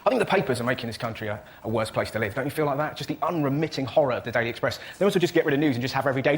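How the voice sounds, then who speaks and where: A man's voice: sits high, racing, few pauses, over a noisy crowd, very noisy. A male comedian doing manic, shrieking stand-up on a panel show before a studio audience.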